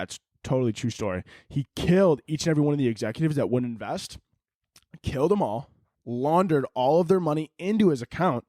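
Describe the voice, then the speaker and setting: A man's voice: medium pitch, warm tone, no room sound, studio quality. A young man hosting a podcast, ranting in a rambling, profane, jokey way. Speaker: podcast host. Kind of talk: casual comedic podcast monologue.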